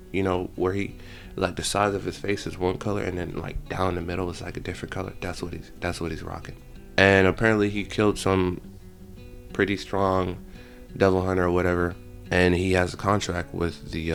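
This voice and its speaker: A man casually retelling a movie scene by scene, animated, with slang and profanity. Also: low-pitched, vocal fry. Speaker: channel host.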